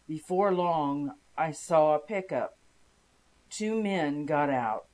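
A narrator giving a calm, steady, scripted reading of first-person inspirational stories. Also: medium pitch, slow.

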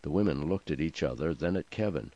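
A low-voiced man narrates an audiobook, letting his pitch rise and fall freely. The recording is dry and somewhat muffled. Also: quick pace, no room sound. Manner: expressive storytelling.

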